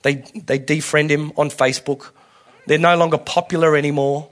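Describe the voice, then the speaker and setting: A man preaching a conversational sermon, candid and colloquial, restarting phrases and swinging between soft and loud. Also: fairly high pitch, fairly even intonation, moderate pace. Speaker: pastor.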